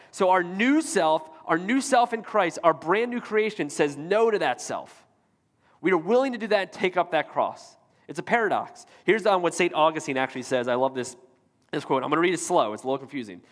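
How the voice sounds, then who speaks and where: A man's voice: on the high side, animated, a little fast, fairly bright tone, long reverb tail. A man pastor delivering a sermon, preaching emphatically and repeating rhetorical questions to the congregation. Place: church auditorium.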